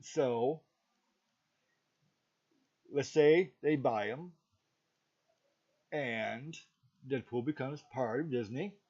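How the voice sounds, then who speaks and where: A man's voice: mid-range voice, drawn-out words, long pauses, a little mellow, breathy edge. A middle-aged man reviewing a movie in a casual, rambling talk, often stopping to ask "okay?". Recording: dull lo-fi recording.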